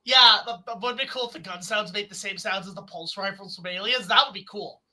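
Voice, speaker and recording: Excitable woman reviewing films. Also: medium pitch, a little fast, low-quality recording. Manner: excitable, enthusiastic, swears casually. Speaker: film reviewer. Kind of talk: casual film review chat.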